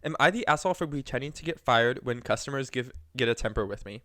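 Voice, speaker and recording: A young man co-hosting a casual podcast, reading posts aloud with animated storytelling and laughter. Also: mid-range voice, quick pace, no room sound, clean studio sound. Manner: animated, laughing storyteller, acts out quoted voices. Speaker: podcast co-host.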